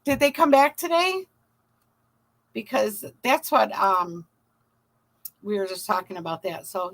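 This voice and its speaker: A woman's voice: a little high, expressive, a little slow, rough recording. A woman hosting a casual livestream, chatting, telling stories and greeting viewers by name. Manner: chatty storyteller, shouts out viewers. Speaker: livestream host.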